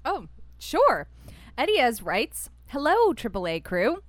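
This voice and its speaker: A woman's voice: high-pitched, wildly swooping pitch, slow pace, dry recording. A woman co-hosting a casual anime podcast, playful and giggly. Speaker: podcast co-host.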